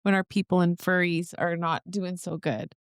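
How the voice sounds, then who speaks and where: A woman's voice: fairly low pitch, steady tone, moderate pace, clean tone, dry recording, clean studio sound. A woman hosting a podcast, gushing with praise and affection for her guest. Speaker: podcast host. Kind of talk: casual interview chat.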